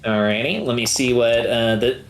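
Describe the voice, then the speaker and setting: A man running a tabletop game as game master, talking in a relaxed, halting way with many fillers. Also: medium pitch, faint music behind. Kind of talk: narrating a tabletop game over voice chat.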